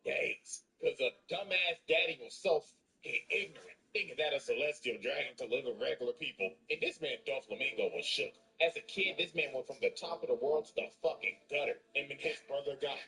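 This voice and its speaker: A man's voice: fairly high pitch, brisk, sharp tone. A young man narrating a comedic story recap in crude, slangy casual speech. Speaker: gaming video narrator.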